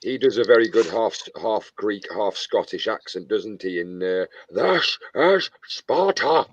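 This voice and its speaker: A man's voice: on the low side, fairly even intonation, moderate pace, a little mellow, lo-fi sound. A man in casual chat, joking with hesitant starts and mock-sinister asides.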